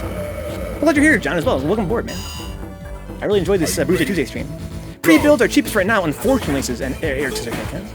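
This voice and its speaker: Chatty male streamer over game music. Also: a little high. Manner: rambling, chatty, reads chat messages aloud, swears casually. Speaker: streamer and host. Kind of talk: casual live game-stream commentary. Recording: game music playing under the voice.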